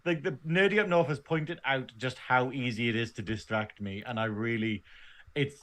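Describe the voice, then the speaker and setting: A man's voice: medium pitch, moderate pace. A man with a Northern English accent, co-hosting a casual podcast, joking around and laughing often. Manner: jokey, laughs often, lively. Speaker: podcast co-host.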